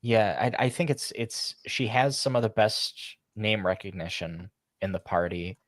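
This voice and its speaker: A man in a casual podcast chat, explaining things in a halting way with frequent restarts. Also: on the low side, steady tone. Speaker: podcast co-host.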